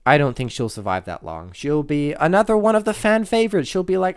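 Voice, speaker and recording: Speaking close to a desk microphone, a host rambles playfully through contest predictions, correcting themselves and tossing in jokey asides. The mid-range voice moves fairly quickly with hardly any pauses, and the tone is clean with no echo.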